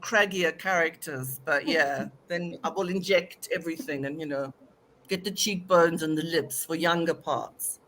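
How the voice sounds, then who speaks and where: A woman's voice: deep voice, measured pace, a bit bright, slight background noise. A woman from South Africa with a South African accent, a guest actress telling stories with a chatty, laughing manner over a video call. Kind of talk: casual interview chat.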